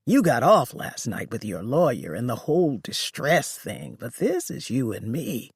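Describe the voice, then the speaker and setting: The narrator voicing a gruff middle-aged male detective who smokes, speaking in a low, serious, calmly menacing voice. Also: a little slow, no echo, clean studio sound, exaggerated voice. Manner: calm, coolly menacing.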